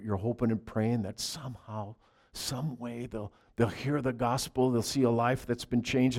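A man preaching a conversational sermon, moving between loud, emphatic scripture reading and quiet asides to his congregation. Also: mid-range voice. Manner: chats with the congregation. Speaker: pastor.

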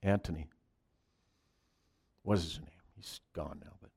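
A man preaching a conversational sermon, moving between loud, emphatic scripture reading and quiet asides to his congregation. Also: deep voice, slow pace, gravelly, breathy edge. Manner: chats with the congregation. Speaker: pastor.

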